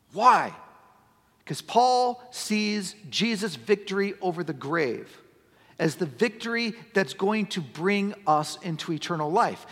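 A middle-aged man preaching a sermon as pastor, talking conversationally and building to emphatic, near-shouted points. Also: sits high, husky. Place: church sanctuary. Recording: long church-hall reverb.

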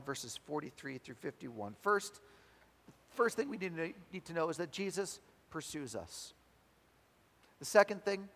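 A man preaching a sermon, telling a story with dramatic swings between loud and soft. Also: a little high, vocal fry. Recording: long hall reverb.

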